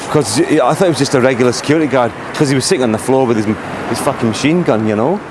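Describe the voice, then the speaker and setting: A man's voice: medium pitch, fast, background noise. A man vlogging about his travels, talking in a rambling, heated way with plenty of swearing and restarts. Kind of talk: vlog storytelling.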